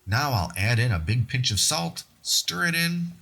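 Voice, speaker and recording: A man's voice: mid-range voice, big pitch swings, unhurried, vocal fry, pushed and bright, slight background noise. A man hosting a cooking video, narrating recipe steps in an upbeat, conversational way. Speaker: cooking show host.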